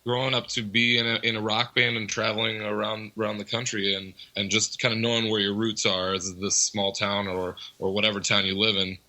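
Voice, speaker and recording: Rock band guy on an interview, low-ish voice but really bright, rambly with lots of uh's. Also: a little fast, few pauses, poor audio. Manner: relaxed, rambling with fillers. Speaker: band member guest. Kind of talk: casual interview talk.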